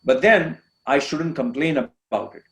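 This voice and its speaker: A man's voice: a little high, expressive, a little slow. Earnest man telling his story, echoey room. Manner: earnest, repetitive, emphatic phrasing. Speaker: podcast guest. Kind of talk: candid personal storytelling.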